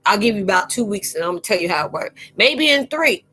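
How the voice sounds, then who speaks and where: A woman hosting a casual live-stream spiritual chat, talking in a slangy, animated way and laughing often. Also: mid-range voice, fast talker, husky. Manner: chatty and animated, laughing and acting out quoted exchanges; slangy, informal phrasing.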